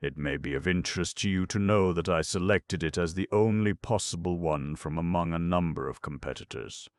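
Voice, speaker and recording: A man voicing a suave, unflappable young gentleman who talks in a florid, mock-formal way. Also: sits low, a little fast, close to an everyday voice. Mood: mock-solemn.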